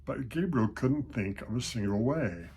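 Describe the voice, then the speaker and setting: An older man with a husky voice reading a children's storybook aloud at a steady, unhurried pace. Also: mid-range voice.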